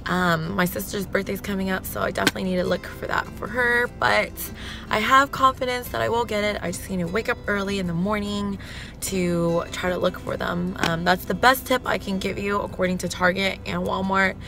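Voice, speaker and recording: A young woman with a husky voice, chatting excitedly to her viewers in a casual vlog. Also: mid-range voice, a little fast, music in the background. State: husky, lowered voice while recovering. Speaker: vlogger.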